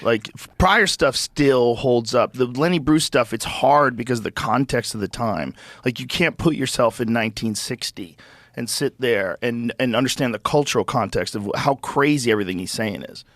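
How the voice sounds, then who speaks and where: A man's voice: medium pitch, moderate pace, a bit bright, dry recording. Casual podcast host man, dry sound. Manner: casual, swearing, reflective talker.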